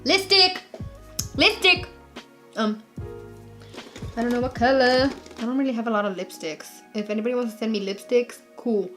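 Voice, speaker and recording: A young woman with a slightly high voice talks through a makeup tutorial in a loose, casual way. She is bubbly and jokey and gasps with delight at her products. Soft music runs underneath. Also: brisk. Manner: bubbly, gasping, jokey and excitable. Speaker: makeup vlogger.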